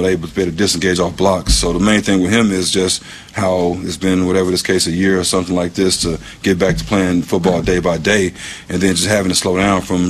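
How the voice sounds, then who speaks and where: A man, a football coach, answering interview questions in a measured way with plenty of ums and you knows. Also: deep voice.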